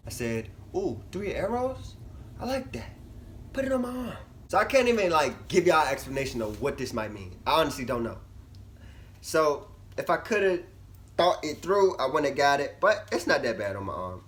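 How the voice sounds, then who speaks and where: A young man vlogging casually to camera, chatty and animated, his voice swinging from loud bursts to low mumbles. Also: slight background noise. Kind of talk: casual vlog talk to camera.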